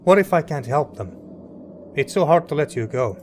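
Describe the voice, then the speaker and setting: A man reading a grieving, guilt-ridden middle-aged man in a narrative game, quiet and halting. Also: medium pitch, slight background noise, natural voice.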